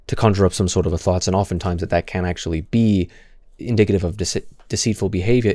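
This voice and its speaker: A young man streaming his commentary, stumbling and repeating words as he stutters through heated points. His voice sits low with a dark, mellow tone. The sound is dry and close. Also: dry recording.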